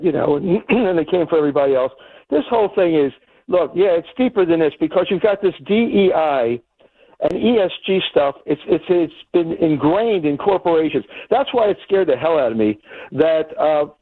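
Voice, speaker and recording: A male caller on a talk radio show, heard through a tinny phone line. His voice is high and dry, and he rambles heatedly from one point to the next, with plenty of uh's along the way. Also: no room sound. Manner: heated, rambling, with many fillers. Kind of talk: call-in talk.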